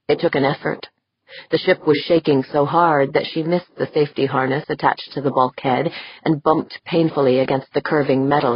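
A woman reads a science-fiction novel aloud in an even, measured way. Her voice sits low and carries a husky grain. The recording is close and dry, with a slightly dull, muffled top end. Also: dry recording. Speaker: audiobook narrator. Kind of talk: scripted narration.

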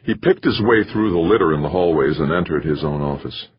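A man reading a novel aloud as a narrator, in a steady, even storytelling manner. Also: low-pitched, brisk, breathy edge. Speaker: audiobook narrator. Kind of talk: scripted narration. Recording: muffled lo-fi recording.

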